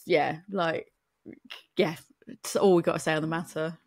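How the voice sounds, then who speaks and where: A woman's voice: low voice, steady tone, normal speed, a little mellow. A British woman co-hosting a casual chat, swearing and laughing at herself. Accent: British English. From United Kingdom. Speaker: podcast co-host.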